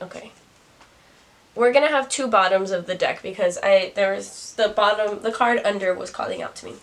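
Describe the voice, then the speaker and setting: A woman's voice: medium pitch, fairly quick. Young woman doing a chatty tarot reading. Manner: chatty, musing, laughs at herself. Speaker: tarot reader. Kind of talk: casual tarot reading to camera. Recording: distant mic, faint noise.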